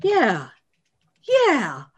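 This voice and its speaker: A woman's voice: mid-range voice, wildly swooping pitch, very slow, slightly rough. A woman player in a tabletop game, chatty and repetitive. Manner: chatty, repeats herself. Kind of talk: casual tabletop game talk.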